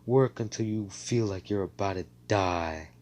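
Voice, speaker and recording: A man's voice: lowish voice, unhurried, a little mellow, close to an everyday voice. A man voicing a determined young male warrior in a fan story, earnest and insistent, hammering his point home through repetition. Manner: earnest, insistent, repeating himself for emphasis.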